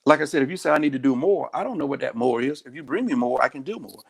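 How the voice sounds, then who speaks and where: A man's voice: mid-range voice, expressive, racing, vocal fry, breathy edge. A man, a sheriff speaking as an interview guest, telling stories in a direct, earnest way. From United States. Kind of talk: candid interview talk.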